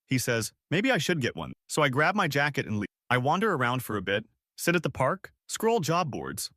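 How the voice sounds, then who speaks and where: Man in his 20s, casual slangy story narration, lively pitch, dry close sound. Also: normal speed, no echo. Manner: casual, slangy, spelled-out abbreviations. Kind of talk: first-person story narration.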